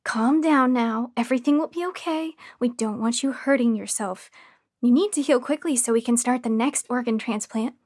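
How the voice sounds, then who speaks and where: A woman's voice: on the high side, normal speed, darkish tone, natural voice. Creepy sing-song female caretaker, sugary and motherly, read by a woman narrator. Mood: sugary menace. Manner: sing-song, chirpy, over-sweet. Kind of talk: audiobook horror reading.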